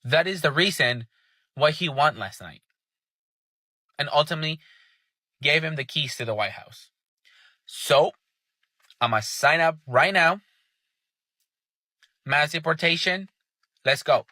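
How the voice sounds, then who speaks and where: A man's voice: fairly high pitch, lively intonation, unhurried, long pauses, sharp tone, no echo. A man ranting angrily and sarcastically, swearing heavily in casual commentary. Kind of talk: angry profane rant.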